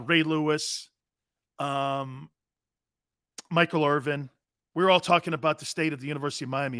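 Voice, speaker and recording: A middle-aged man hosts a sports talk show in a casual, rambling way. His stories break into loud shouts and laughter. His voice sits a little high and rings bright and forceful, recorded dry and close. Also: no echo. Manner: loud, excitable, storytelling with bursts of shouting and laughter.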